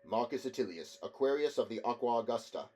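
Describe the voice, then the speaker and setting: A man voicing a blunt, impatient water engineer in an audiobook reading, speaking curtly and a little louder. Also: medium pitch, lively intonation, brisk, lightly acted. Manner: curt, impatient.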